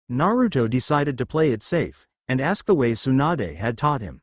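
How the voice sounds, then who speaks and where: A man narrating a fan fiction story in a steady storytelling manner. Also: mid-range voice, normal speed, hardly any pauses, no echo, clean studio sound. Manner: steady storytelling with lively intonation.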